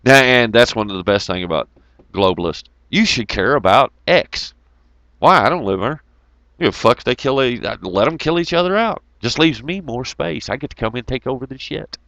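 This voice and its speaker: Profane ranting man, lively pitch. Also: moderate pace, no room sound, highs cut off. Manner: swearing, heated and mocking, breaks into laughs. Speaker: host of an online talk show.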